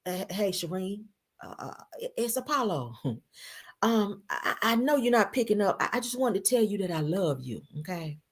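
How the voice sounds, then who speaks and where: A woman's voice: medium pitch, very animated, moderate pace, breathy edge, pitched above the performer's own voice. Woman mimicking a stammering, pleading man on voicemail. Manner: stammering, hesitant, soft. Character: nervous grown man leaving a pleading voicemail.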